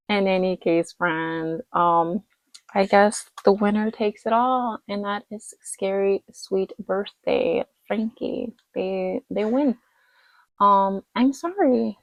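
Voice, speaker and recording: A woman's voice: mid-range voice, takes it slowly, no room sound, low-quality recording. A woman casually reviewing dolls in a rambling, chatty vlog, tired late at night. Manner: chatty and rambling, lots of fillers and self-corrections. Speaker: doll collector vlogger.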